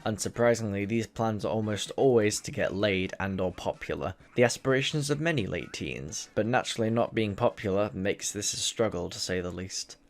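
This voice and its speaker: A man's voice: fairly low pitch, normal speed, hardly any pauses. A young man talking through a video essay in a casual commentary style, with wry, sarcastic asides.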